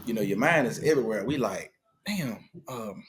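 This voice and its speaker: A middle-aged man tells a story as a guest in a relaxed conversation. He brings it to life by acting out the people he quotes. His voice sits at a medium pitch. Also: moderate pace. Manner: animated retelling, acting out quoted dialogue. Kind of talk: casual storytelling.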